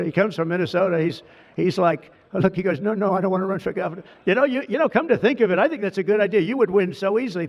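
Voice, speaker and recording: An American man giving an ad-libbed public speech at a ceremony, rambling and digressive, repeating lavish praise. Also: high-pitched. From United States. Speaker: politician addressing a crowd. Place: large outdoor ceremony at an official residence. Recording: dull reverberant public-address sound.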